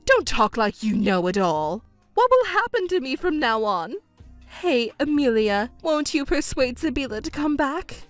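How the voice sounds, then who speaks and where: A woman's voice: very animated, unhurried, soft background music. A woman voicing a selfish, whiny middle-aged stepmother who pleads and complains in a texting story. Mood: desperate. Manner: shrill, pleading and self-pitying.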